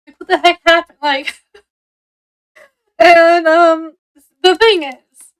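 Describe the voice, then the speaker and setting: High-pitched lady doing a chill book review, rambly, lots of likes and ums. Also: low-quality recording.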